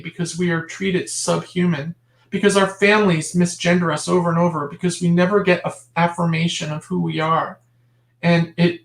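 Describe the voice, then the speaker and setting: A woman guest talking in a casual interview, emphatic and impassioned, often restarting her sentences and adding asides. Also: on the low side. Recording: roomy echo.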